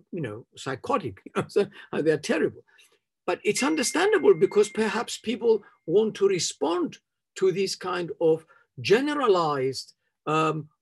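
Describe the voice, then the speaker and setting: A man reflects aloud in an interview, his voice a touch higher than most with a gravelly crackle. The tone is husky rather than clean. He hesitates often, circling back on phrases as he searches for what he means. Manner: hesitant, searching for words with many restarts and short laughs. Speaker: interviewee speaking on trauma. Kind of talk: unscripted interview answer.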